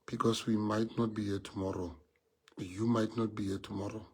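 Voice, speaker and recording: A man's voice: lowish voice, level tone, moderate pace, breathy edge. A man with a South African accent, a party leader giving a heartfelt speech to his members, earnest and repeating key phrases for emphasis.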